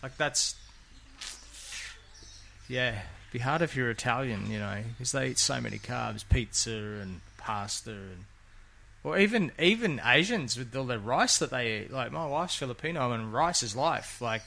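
Gravelly, bright-voiced man in his fifties. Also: mid-range voice, expressive, normal speed. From Australia. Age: 50s. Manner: jokey, rambling, laughs often. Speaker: podcast co-host. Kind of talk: casual chat.

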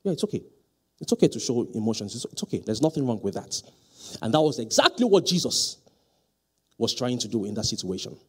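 A male pastor preaching a sermon in a church, asking the congregation questions and rising to loud, emphatic peaks. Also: medium pitch, very animated, a little fast, breathy edge. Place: church hall.

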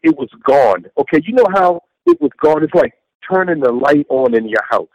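Gravelly-voiced man telling his testimony. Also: on the high side, big pitch swings, normal speed, a little mellow, no room sound, rough recording. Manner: earnest, repetitive storytelling with acted-out self-quotes. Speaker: interview guest. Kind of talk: personal faith testimony in an interview.

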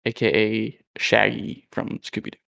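A man's voice: fairly low pitch, flat delivery, measured pace, gravelly, bright, forceful tone. A man co-hosting a casual podcast, playful and fond of throwing in quotes. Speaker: podcast co-host. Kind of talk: casual group chat.

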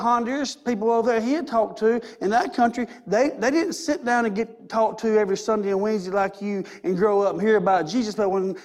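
A man preaching a sermon in a church, emphatic and repetitive, with many rhetorical questions. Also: sits high. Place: church sanctuary.

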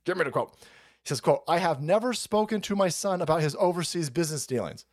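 Man, streamer, crude and mocking, high lively voice. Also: a little fast. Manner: crude, mocking, laughing often. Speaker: streamer host. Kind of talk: profane livestream commentary.

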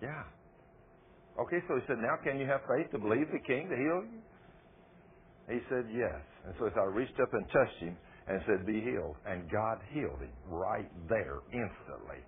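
Preacher on a tinny broadcast. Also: male voice, lowish voice, animated, normal speed. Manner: folksy storytelling, rising to fervent emphasis. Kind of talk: sermon with testimony stories. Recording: tinny phone-like radio broadcast, faint noise.

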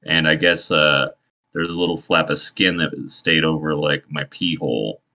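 Deep-voiced, deadpan man. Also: normal speed. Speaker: podcast co-host. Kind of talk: casual chat.

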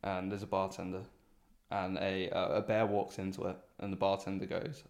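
A man's voice: sits low, level tone, normal speed, creaky, a little mellow. A man co-hosting a casual podcast, rambling through a long joke and laughing at it himself. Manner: rambling storyteller, laughs at his own jokes. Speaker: podcast co-host. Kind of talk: casual chat.

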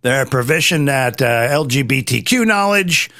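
A man's voice: mid-range voice, normal speed, no echo, clean studio sound. A man hosting a political talk show, ranting emphatically and mockingly in casual chat. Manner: animated, mocking, emphatic rants. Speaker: host.

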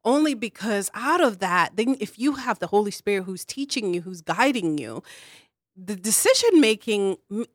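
A woman's voice: mid-range voice, very animated, moderate pace, dry recording, studio quality. A woman in casual faith podcast chat, talking expressively in a preacherly way and laughing easily.

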